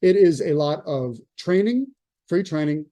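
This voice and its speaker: Mellow-voiced male host, upbeat pitch, dry sound. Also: lively intonation, measured pace, dry recording, muffled recording. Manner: upbeat salesy pitch with fillers. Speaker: real estate trainer and host. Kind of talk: promotional talk to an audience.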